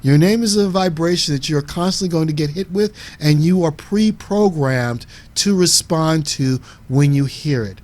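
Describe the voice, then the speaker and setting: A man hosting a psychic talk show, explaining ideas through lively acted-out stories and sometimes shouting names. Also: a little high. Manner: animated storyteller, shouts names and acts out voices. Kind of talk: explaining a lesson with acted-out examples.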